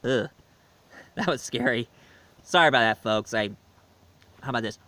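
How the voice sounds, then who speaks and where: Bright, rambling male reviewer. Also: mid-range voice, lively intonation, fairly quick, no echo. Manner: rambling, self-correcting. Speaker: voice impressionist and reviewer. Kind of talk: casual vlog talk.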